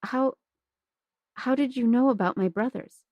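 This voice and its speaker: A woman's voice: a little high, measured pace, dry recording, highs cut off, pitched above the performer's own voice, close to an everyday voice. A woman voicing a frightened, grieving young girl who stammers and trembles, read as an audiobook.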